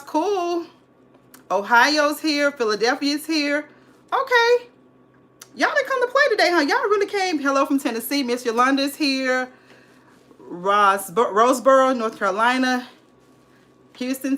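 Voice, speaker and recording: A woman's voice: on the high side, a bit bright. A woman, bubbly and hyped, greeting viewers on a home decor livestream. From California. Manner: bubbly, hyped, calls viewers sis and honey. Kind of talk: live-stream chat. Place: home, indoors.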